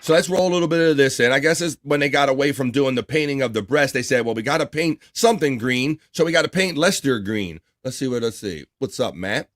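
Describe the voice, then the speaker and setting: A man's voice: mid-range voice, animated, fast talker, hardly any pauses, a bit bright, dry recording, clean studio sound. A man hosting a casual talk stream, chatting loosely and laughing often as he plays old clips. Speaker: host.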